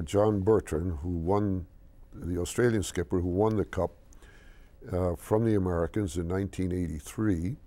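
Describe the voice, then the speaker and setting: A low, gravelly older man tells a long story in a TV interview. His voice is dark and mellow. He stumbles and restarts, then acts out the voices of the people in it. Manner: animated storyteller, hesitant with restarts. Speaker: interview guest, company chairman.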